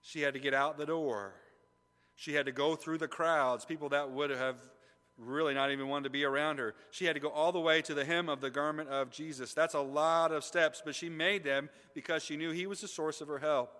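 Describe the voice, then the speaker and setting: A man preaching a sermon with a bright, forceful voice that carries a long reverb through a church sanctuary. He talks animatedly and conversationally, shifting from loud emphasis to quiet intensity. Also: a little high, fairly even intonation, fairly quick. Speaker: pastor.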